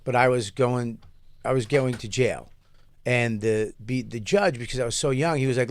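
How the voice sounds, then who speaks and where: A man's voice: mid-range voice, moderate pace, dry recording. A middle-aged man telling a loose, profane story in casual chat as podcast co-host, with many restarts.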